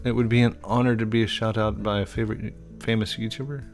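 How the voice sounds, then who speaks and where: A man's voice: lowish voice, little pitch movement, fast. A middle-aged man hosting a casual live stream, reading viewer questions aloud in a chatty, goofy way and stumbling over usernames. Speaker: game streamer. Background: faint guitar music.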